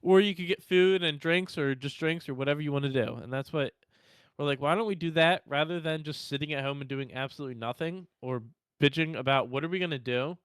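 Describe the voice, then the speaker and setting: A man's voice: fairly high pitch, a little fast, smooth, no room sound. Laid-back, swearing young man. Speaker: podcast co-host. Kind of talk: casual chat.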